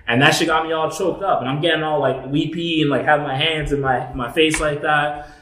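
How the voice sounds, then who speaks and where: A man's voice: on the high side, steady tone, a little fast, a bit bright, slight background noise. A man in his thirties chatting casually as a podcast co-host, candid and rambling, with many restarts. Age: 30s. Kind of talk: casual chat. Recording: echoey room.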